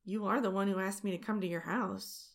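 A woman voicing a tender, teasing male lover in a whispered role-play, gently playful. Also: medium pitch, fairly even intonation, fairly quick, lightly acted.

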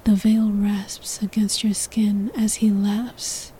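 A woman's voice: medium pitch, little pitch movement, slow, dark tone, a little hiss or hum, poor audio. A woman narrating a sensual story in the second person, in a whispered role-play.

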